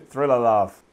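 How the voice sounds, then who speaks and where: A man's voice: fairly high pitch, noisy background. A man giving self-deprecating, sweary commentary while playing a video game. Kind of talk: gameplay commentary.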